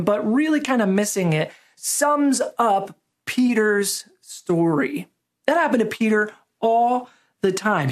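Male pastor, conversational sermon, easygoing storyteller who pokes fun at himself. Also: sits high. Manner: relaxed storytelling, self-deprecating humor.

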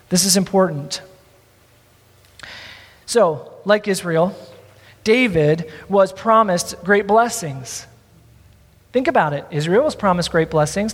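A man preaching a sermon, reading scripture aloud and calling on the congregation to repeat the words after him. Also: high-pitched. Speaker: pastor. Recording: long hall reverb.

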